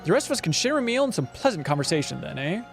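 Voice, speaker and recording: A man's voice: on the high side, very animated, quick pace, vocal fry, faint music behind. A man reading the lines of a chatty, bumbling male professor in a jolly, old-fashioned way. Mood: jovial.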